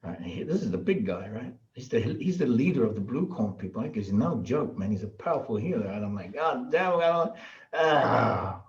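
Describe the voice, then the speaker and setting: A middle-aged man with a fairly low voice tells stories in a loose, animated way. He laughs often and slips into the voices of the people he quotes. The recording sounds a little dull and lo-fi. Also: fast, few pauses. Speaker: podcast guest, shaman. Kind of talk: casual storytelling.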